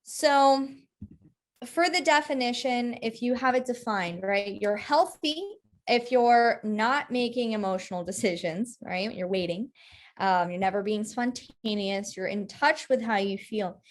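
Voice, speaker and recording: A woman's voice: a little high, a little slow. A woman co-hosting a casual discussion, explaining human design concepts and often checking in with "right?". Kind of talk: casual teaching chat.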